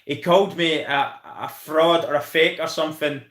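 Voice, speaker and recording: Excitable Scottish man with a fairly high voice. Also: moderate pace, reverberant. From Scotland. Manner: excitable, rambling, swears freely. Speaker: live stream host. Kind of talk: casual live-stream chat.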